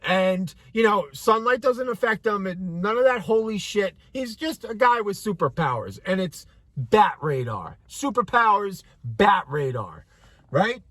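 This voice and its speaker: A man's voice: high-pitched, unhurried, dry recording. A man co-hosting a casual movie review, ranting with profanity and acting out the characters as he retells the plot. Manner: animated, profane, acts out characters mid-story. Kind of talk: casual rant-style review chat.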